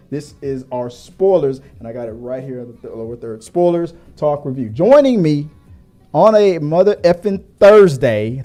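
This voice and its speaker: A man hosting a live movie talk stream, energetic and joking, rambling a bit between topics. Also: on the high side. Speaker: podcast host.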